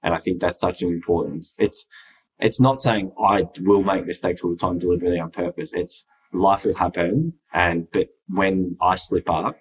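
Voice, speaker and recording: A deep-voiced man talks about being a father on a casual podcast. He speaks earnestly and reflectively, weighing his words. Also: normal speed, breathy edge, rough recording.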